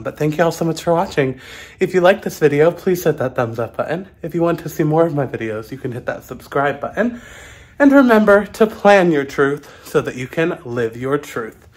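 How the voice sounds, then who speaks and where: A man's voice: a little high, a little hiss or hum. A man vlogging casually on a resort trip, rambling with lots of fillers as he walks around and then settles in his hotel room. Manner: chatty, rambling, many fillers. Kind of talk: casual vlog narration.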